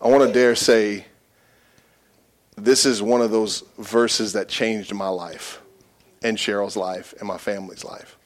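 A middle-aged male pastor preaching a sermon in a church, with call-and-response lines that build to loud, emphatic peaks. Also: fairly low pitch, steady tone, a little slow.

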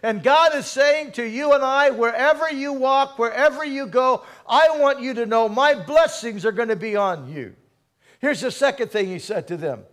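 A male pastor preaching a sermon, calling out to the congregation and swinging from soft murmurs to loud exhortation. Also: extremely high pitch, moderate pace. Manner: preaching with call-and-response and dramatic swings in volume.

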